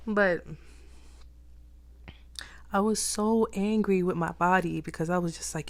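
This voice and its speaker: A woman's voice: medium pitch, fairly even intonation, normal speed, pauses often. A woman talking in a reflective personal vlog, emphatic and repeating phrases for stress. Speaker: vlogger.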